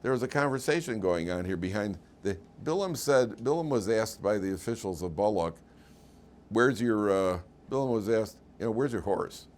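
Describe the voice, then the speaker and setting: A man's voice: fairly low pitch, expressive, fairly quick, hardly any pauses, a little mellow, slight background noise. A man teaching a weekly class as rabbi, speaking conversationally with humor and quizzing his students in a classroom. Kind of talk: informal lecture.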